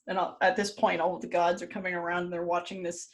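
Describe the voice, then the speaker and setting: A woman's voice: lowish voice, flat delivery, fast talker. A woman podcast host telling a story casually in a loose, jokey way, with fillers and the odd curse.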